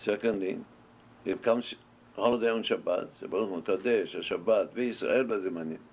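A man's voice: on the low side, normal speed. A man with teaching a Torah class, asking questions and answering them as he tells stories. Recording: dull lo-fi recording with faint noise.

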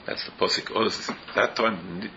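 A man's voice: fairly low pitch, steady tone, measured pace. A man teaching a Torah class, explaining verses and often asking rhetorical questions, with Hebrew and Yiddish terms mixed into his English. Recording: dull lo-fi recording with faint noise.

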